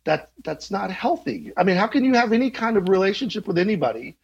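A husky, gravelly-voiced man in his fifties answers as an interview guest. He teaches journalism and talks in a thoughtful, rambling way, restarting sentences and chuckling now and then. The audio sounds dull and lo-fi. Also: high voice, lively intonation, quick pace. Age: 50s. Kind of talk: conversational interview.

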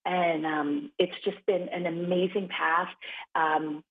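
A woman's voice: fairly low pitch, fairly even intonation, takes it slowly, a little hiss or hum. Woman on a phone line. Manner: earnest, upbeat storytelling. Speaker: charity founder, guest. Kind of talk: interview conversation.

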